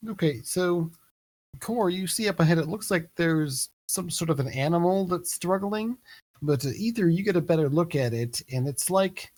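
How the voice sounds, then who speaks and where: A man narrating a tabletop game as game master, relaxed and hesitant with many fillers. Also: a little high, normal speed.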